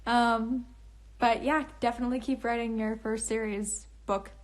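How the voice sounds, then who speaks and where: Answering comments on her phone livestream, this young host and author is bubbly and rambling, restarting often and laughing a lot. Her voice is fairly high with a steady tone and a moderate pace, recorded on the phone camera.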